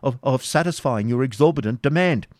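A man's voice: medium pitch, lively intonation, fairly quick, a little mellow, dry recording, clean studio sound, voice pushed up, lightly acted. A man voicing a timid, pleading old male moneylender who stammers as he begs, read as a storybook figure.

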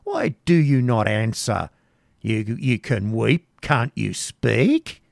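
A man's voice: medium pitch, very animated, takes it slowly, vocal fry, a little mellow, dry recording, studio quality, exaggerated voice. A man putting on a spiteful old hag. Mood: scornful. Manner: muttering, scornful.

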